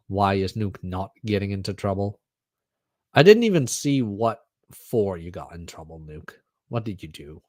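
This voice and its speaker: A man's voice: lowish voice, a little mellow, no room sound, clean studio sound. A man who hosts a casual livestream and rambles chattily and jokingly to his viewers. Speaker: streamer, channel host.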